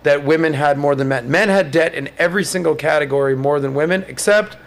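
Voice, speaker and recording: Animated man hosting a casual podcast. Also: brisk. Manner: animated storyteller, jumps into high mocking voices for others. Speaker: podcast host. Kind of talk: casual chat.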